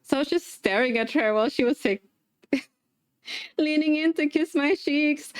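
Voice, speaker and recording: A woman livestreamer telling a story in casual chat, animated and laughing often as she talks while assembling a paper craft. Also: on the high side, moderate pace, no echo, studio quality. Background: talking while assembling a paper craft.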